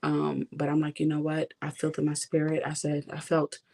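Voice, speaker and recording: A woman's voice: low-pitched, completely flat delivery, normal speed, creaky, dark tone. A young woman vlogger giving an impassioned personal testimony, talking straight to her viewers. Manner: impassioned, addresses viewers directly.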